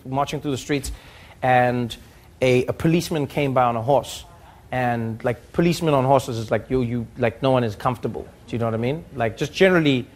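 A man telling a comic story in a loose, animated way, full of asides. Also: medium pitch. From South Africa. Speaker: host. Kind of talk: comedic storytelling.

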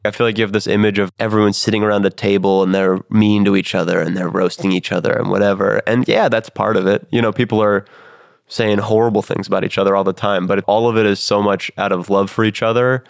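A young man in his twenties tells stories casually and rambles, with plenty of fillers. His voice is low and gravelly. The recording is close and dry. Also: level tone, quick pace, no echo. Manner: rambling, self-deprecating, many fillers. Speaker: guest comedian. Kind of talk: casual interview talk.

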